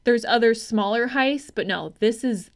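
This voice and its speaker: A woman's voice: a little high, moderate pace. A woman co-hosting a casual movie-review podcast, talking bluntly and swearing, with lots of ums and hedges. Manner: blunt, profane, chatty with hedging fillers. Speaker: podcast co-host.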